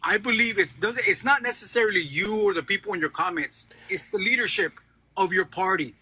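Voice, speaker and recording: A man's voice: sits high, fairly quick, pushed and bright, breathy edge. A man calling in to a live show who argues bluntly and heatedly, with some profanity. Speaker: caller. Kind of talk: heated political debate.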